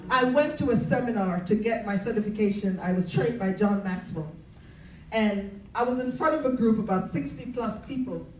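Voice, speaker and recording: A woman's voice: mid-range voice, normal speed, a little hiss or hum. A woman giving a faith-based personal testimony in an earnest, preaching cadence, repeating her key phrases. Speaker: speaker sharing personal testimony. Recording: roomy, distant mic.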